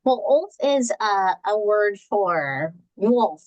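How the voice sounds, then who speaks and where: A woman's voice: mid-range voice, animated, slow pace, darkish tone, lo-fi sound. A woman co-hosting a podcast in casual chat, blunt with wry asides. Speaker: podcast co-host.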